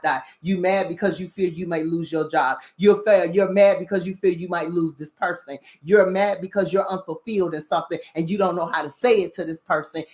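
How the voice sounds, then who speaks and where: A woman hosting a spiritual talk show, preaching bluntly with lots of profanity and repeated "you understand?" questions. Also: fairly low pitch. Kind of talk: casual spiritual commentary.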